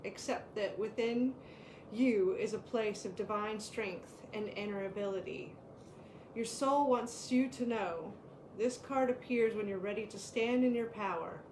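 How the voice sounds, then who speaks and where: A woman speaks slowly as she reads card meanings aloud on a spiritual talk show. The room is echoey and there is clear noise in the background. Between readings she chats casually and laughs often. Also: medium pitch, darkish tone.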